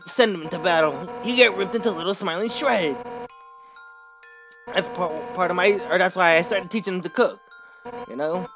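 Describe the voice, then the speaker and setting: A man voicing a brash, blunt fish warrior woman who leads a royal guard, reading game dialogue aloud over game music. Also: high voice.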